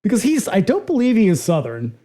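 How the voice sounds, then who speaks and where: Casual podcast co-host; animated, salty delivery, warm dark tone. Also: medium pitch, brisk. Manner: animated, profane, acts out quotes. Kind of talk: casual film discussion.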